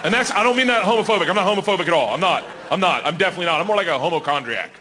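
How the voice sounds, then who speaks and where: Loud, excitable stand-up comedian man. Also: sits high, rapid-fire. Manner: loud and excitable, often near a shout. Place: comedy stage before a laughing audience. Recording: live show with loud crowd laughter and noise. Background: crowd laughter.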